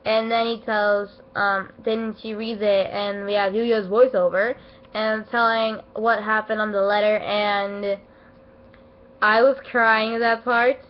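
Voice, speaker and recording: A woman giving a casual, rambling anime episode review, emotional and excitable, full of fillers and restarts, her voice not at its best as she feels unwell. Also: medium pitch, slow pace, slight background noise. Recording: dull lo-fi home recording.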